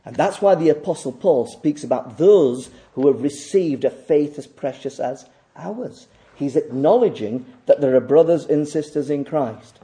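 High-pitched preacher with dark tone. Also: male voice, lively intonation, unhurried, hardly any pauses. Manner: emphatic, repeats phrases for stress; swings from loud declaiming to quiet asides. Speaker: pastor. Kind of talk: sermon.

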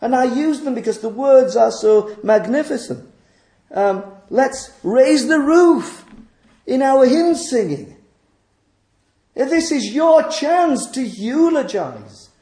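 A man's voice: very high-pitched, animated, takes it slowly, warm tone, roomy sound. A man preaching a sermon in a church, fervent and emphatic as he exhorts the congregation.

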